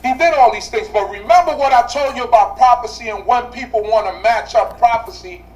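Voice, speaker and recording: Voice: mid-range voice, a little fast, distant mic, low-quality recording. Bible teacher asking rhetorical questions. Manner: asks the class rhetorical questions; repeats key phrases for emphasis.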